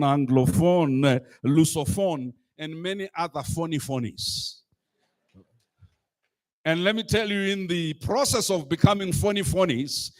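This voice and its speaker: A man giving a rousing public speech to a youth assembly, emphatic and full of rhetorical repetition, at times rising to a shout. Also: a little high. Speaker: speaker addressing a youth climate assembly. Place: live event stage.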